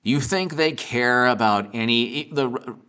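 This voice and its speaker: A male commentator talks off the cuff about politics in a mocking, sarcastic way. He rambles, restarts his sentences and laughs at his own jokes. His voice is bright and forceful at a middle pitch. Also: a little slow, clean tone. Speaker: political commentator and show host.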